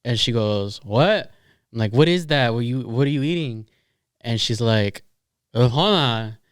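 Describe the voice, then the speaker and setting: Smooth-voiced young man telling a story. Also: mid-range voice, normal speed, no echo, clean studio sound. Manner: animated storyteller, swearing, laughing mid-story. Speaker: podcast co-host. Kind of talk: casual chat.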